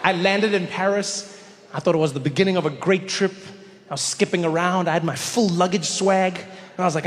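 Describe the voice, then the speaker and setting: A man performing a stand-up comedy set, telling stories in an animated way with sudden exaggerated voices. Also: high voice, fairly quick. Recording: long hall reverb, faint noise.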